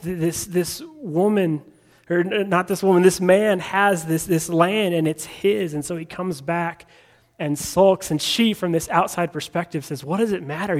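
A man preaching a sermon in a conversational way, retelling scripture stories in his own words. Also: high voice.

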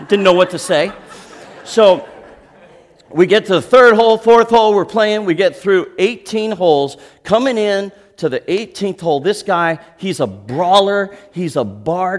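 Animated man preaching a sermon. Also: fairly high pitch. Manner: animated, swinging from loud to hushed. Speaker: pastor. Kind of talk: sermon storytelling.

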